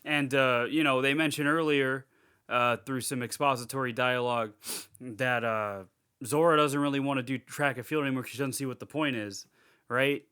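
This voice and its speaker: A man's voice: mid-range voice, steady tone, normal speed, sharp tone, clear, resonant tone. A young man recapping a movie in casual podcast chat, rambling with lots of fillers and swearing freely. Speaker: podcast co-host.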